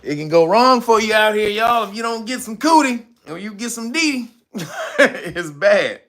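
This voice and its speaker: A man hosts a livestream in a high, gravelly voice with a bright, sharp edge. His pitch jumps all over as he rambles through crude jokes, breaking into laughter and calling out names from the chat. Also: animated, normal speed. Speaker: livestream host. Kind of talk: loose comic commentary on a livestream.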